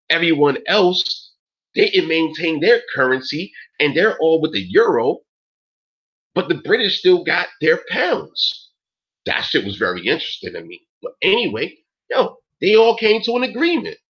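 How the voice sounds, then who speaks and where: A man's voice: medium pitch, a bit bright, husky. A man in his forties hosting a talk stream, ranting in an emphatic, profane way and peppering his speech with "yo" and "man". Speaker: host. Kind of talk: casual rant on a talk stream. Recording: dull lo-fi recording.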